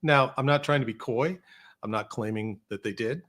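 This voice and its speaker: A man's voice: medium pitch, normal speed, a bit bright. A man talking in a studio as a podcast guest. He tells long, winding stories, often stopping to restart a sentence and acting out what other people said. The delivery is loose and conversational. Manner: rambling anecdotes with restarts and quoted dialogue. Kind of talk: casual storytelling chat.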